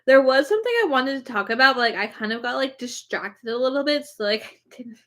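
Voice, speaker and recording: A woman's voice: high voice, expressive, a little fast, fairly bright tone. A woman vlogger chatting casually and rambling, with lots of fillers. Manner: gushing, filler-heavy, rambling. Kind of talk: casual chat.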